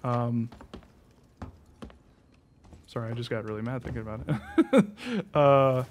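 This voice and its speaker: A man's voice: mid-range voice, very animated, slow, pauses often. A young man streaming a game, chatting in a rambling way, swearing freely and laughing often. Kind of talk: casual chat while playing.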